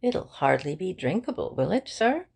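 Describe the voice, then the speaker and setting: A woman voicing a breezy, witty young aristocratic gentleman who talks emphatically in clipped phrases. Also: lowish voice, very animated, normal speed, creaky, husky, voice pushed up, heavily acted. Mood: jaunty. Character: jaunty young aristocratic Englishman, lively, witty.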